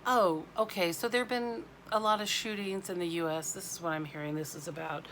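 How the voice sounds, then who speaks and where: A woman giving a spiritual oracle card reading to camera, speaking in a halting, heartfelt way. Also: on the low side, fairly even intonation, fairly bright tone, slight background noise.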